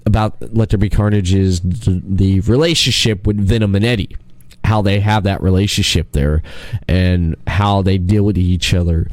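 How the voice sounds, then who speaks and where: Podcast host, male, lowish voice, dry close-mic sound, chatty and animated. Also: moderate pace, no echo. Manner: animated storyteller, laughs often, restarts. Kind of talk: casual chat.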